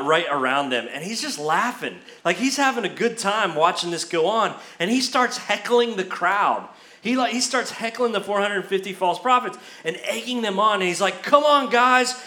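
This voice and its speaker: A man preaching a sermon as pastor, telling the story in a lively, conversational way. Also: sits high, normal speed, echoey room. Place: church.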